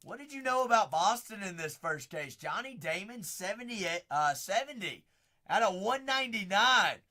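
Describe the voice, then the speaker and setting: A man hosting a live card break, calling out players and teams as he opens packs, chatting with viewers by name and shouting on big pulls. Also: sits high, lively intonation, moderate pace. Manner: chats with viewers by name between cards.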